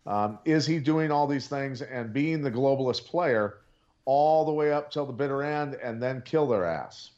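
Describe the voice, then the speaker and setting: A man's voice: medium pitch, normal speed, a little mellow, lo-fi sound. Rambling man hosting a podcast. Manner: rambling, repeats words while building a question. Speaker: podcast host. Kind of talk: casual podcast chat.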